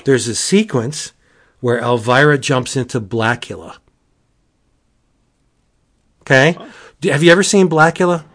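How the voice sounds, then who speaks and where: Man, comic reviewer, casual chat, gushing and excitable, mid-range voice. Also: a little slow, pauses often. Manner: gushing, excitable, jumps to high exclamations.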